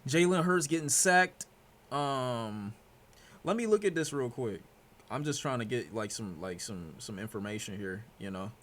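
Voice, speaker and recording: A young man from Detroit streaming, talking to his chat in reaction commentary, excitable and profane, dropping to mutters and bursting out loud. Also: lowish voice, moderate pace. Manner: excitable, swearing, jumps from mutters to loud outbursts.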